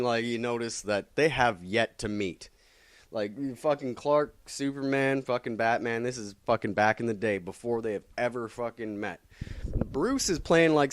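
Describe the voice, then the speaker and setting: A man of average pitch talks through the week's comics in a loose, rambling way, dropping swear words into nearly every phrase. The sound is dry and close, with no room echo. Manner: rambling, heavy swearing, filler-laden. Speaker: comic book vlogger. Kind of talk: casual comic recap.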